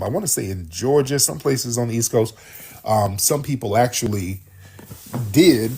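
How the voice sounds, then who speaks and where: A radio host with a lowish, husky voice takes calls on his talk show. He answers callers emphatically and repeats himself in animated on-air chatter.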